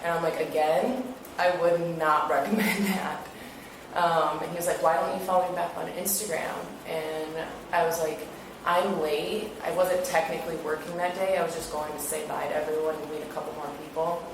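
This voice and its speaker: An interviewee recounting an incident, this young woman has a low voice, a level tone and a slightly quick pace. She chats loosely, uses lots of fillers and performs what other people said. The interview room is echoey, she's far from the mic, and hiss runs underneath.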